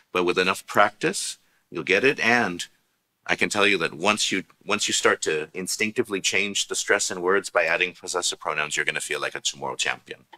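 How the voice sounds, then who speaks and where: A man's voice: deep voice, sharp tone. A man presenting a recorded language lesson, patiently explaining grammar and pronunciation with spoken examples. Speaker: language teacher.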